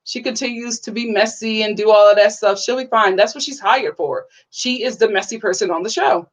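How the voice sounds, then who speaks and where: A young woman hosting a casual livestream, chatty and bubbly, full of "like" fillers and sudden excited high exclamations. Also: brisk, poor audio. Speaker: YouTube reality-TV reviewer reading live chat.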